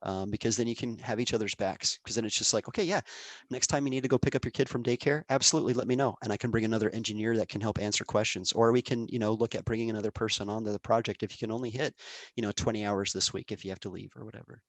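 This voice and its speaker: A man's voice: fairly low pitch, rapid-fire, no echo. A man in his thirties, a game producer guest, telling work stories in a casual interview and acting out quoted dialogue. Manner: animated, acts out quoted dialogue.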